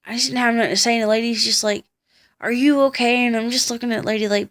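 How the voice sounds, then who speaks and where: Young woman, vlog storytime, tired, blunt and foul-mouthed, slightly high voice. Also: fairly even intonation, quick pace, a bit bright. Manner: blunt and profane, heated retelling. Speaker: vlogger.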